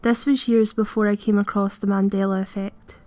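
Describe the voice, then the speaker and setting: A woman's voice: mid-range voice, flat delivery, fairly quick, warm tone. A woman, reading scripted narration in an earnest, puzzled way. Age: early 20s. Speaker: video creator.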